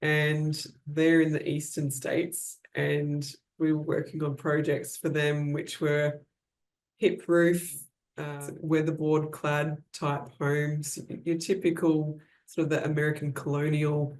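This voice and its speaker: A woman's voice: low-pitched, slow pace. A woman from Australia, speaking as a guest in a casual interview, chatty and explanatory. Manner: chatty, explanatory, even-toned. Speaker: architecture guest.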